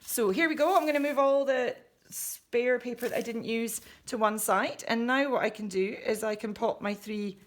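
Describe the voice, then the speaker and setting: A woman's voice: on the high side, moderate pace. A woman at home walking children through a craft, chatty and jokey, narrating each step as she works. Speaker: children's book author leading a craft.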